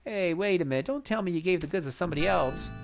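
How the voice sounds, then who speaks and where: Brief: man playing a nerdy, bullying secret agent, slightly raised and gruff. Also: sits high, animated, quick pace, over music, voice pushed up. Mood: protesting. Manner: blustering and menacing. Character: dorky, threatening male spy agent.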